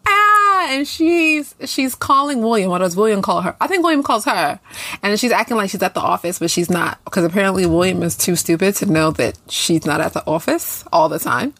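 A woman co-hosting a casual chat show, recapping a TV episode in a blunt, profane, lively way. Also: medium pitch, moderate pace, no echo. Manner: blunt, profane, animated storytelling. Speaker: podcast co-host.

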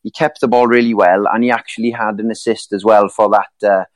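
A man's voice: on the low side, steady tone, a little fast, dry recording. A man co-hosting a football podcast, talking casually in rambling turns full of fillers and restarts. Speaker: podcast co-host.

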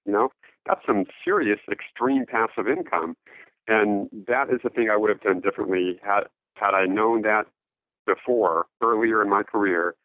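The recording is dry: a low-voiced man, a note investor, chats casually as a guest in an interview over a tinny phone connection. He stumbles along with lots of fillers and keeps restarting his sentences.

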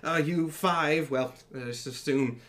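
A man voicing a theatrical, sinister male god of dreams who monologues slowly and grandly. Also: on the high side, a bit bright. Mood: gloating.

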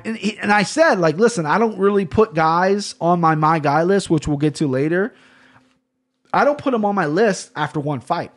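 Man, solo podcast host, casual chat, animated, swears a lot, rambling. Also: fairly high pitch.

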